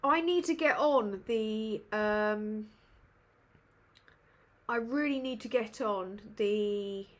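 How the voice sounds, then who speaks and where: A woman's voice: fairly high pitch, takes it slowly, long pauses, a bit bright. A woman from England, hosting a live Q&A in a sweary, self-mocking, rambling way. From northern England. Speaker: livestream host. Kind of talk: casual live Q&A chat.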